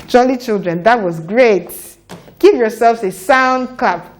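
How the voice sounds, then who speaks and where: A woman teaching a children's phonics lesson, sounding out letters and words slowly for young learners to repeat. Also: fairly high pitch, darkish tone. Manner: slow, deliberate, repeats sounds for children to echo.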